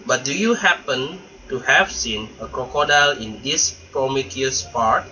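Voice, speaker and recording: A man's voice: mid-range voice, a little slow, bright, forceful tone, slight background noise. Man doing a polite young elephant calf. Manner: polite, earnest storybook voice. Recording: dull lo-fi recording.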